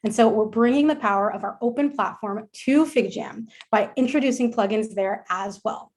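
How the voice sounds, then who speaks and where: Woman presenter, slightly high voice, chatty product demo with lots of ums. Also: moderate pace, darkish tone. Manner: friendly, many ums and uhs, walks through a screen demo.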